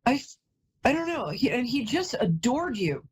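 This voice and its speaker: Husky chatty woman psychic. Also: a little high, big pitch swings, normal speed, low-quality recording. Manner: chatty, emotional, often breaks off and apologizes. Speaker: psychic medium host. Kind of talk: live call-in psychic reading.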